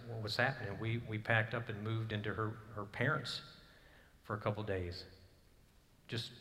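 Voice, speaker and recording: A man's voice: on the low side, bright, forceful tone, slight background noise. A man in his thirties preaching a sermon, telling a personal story in an earnest way and rising to emphatic bursts. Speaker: pastor. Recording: hall reverb.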